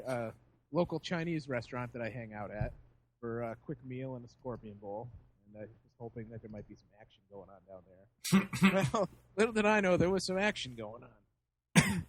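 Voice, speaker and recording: A man casually telling a story on a podcast, animated and laughing as he acts out the people in it. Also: medium pitch, a little hiss or hum. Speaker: podcast host.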